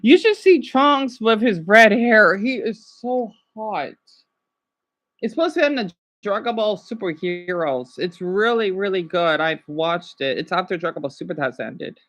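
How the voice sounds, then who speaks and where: American woman streamer, mid-pitched, casual reaction chat, excitable and rambling. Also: unhurried. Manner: rambling, excitable, chatty with viewers.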